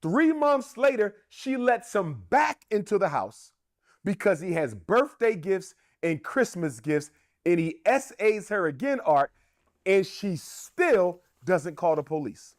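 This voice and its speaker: Emphatic high-voiced male commentator, dry sound. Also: very animated, slow pace, no echo. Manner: emphatic and rhetorical, repeats points for effect. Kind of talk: opinionated commentary.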